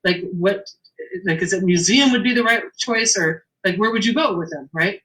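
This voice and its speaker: A middle-aged woman tells a story from her shop in an easygoing interview. Her voice is bright and forward, and she plays out every bit of dialogue with lively jumps in pitch. She laughs easily along the way. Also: normal speed, rough recording. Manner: animated storyteller, acts out the dialogue, laughs often. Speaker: shop owner telling a story. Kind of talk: casual anecdote in an interview.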